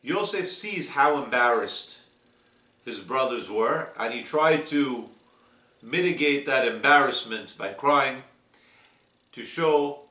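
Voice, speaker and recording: A man giving a slow, deliberate weekly Torah portion talk, reading Hebrew verses and explaining them. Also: medium pitch, lively intonation, pushed and bright, reverberant, distant mic. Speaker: Torah teacher.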